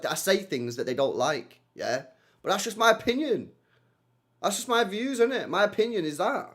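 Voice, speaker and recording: A young man chats casually on a livestream, answering viewer comments in slangy speech full of tag questions. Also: high-pitched. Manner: animated, slangy, repeats himself with many tag questions. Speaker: streamer hosting a football watchalong.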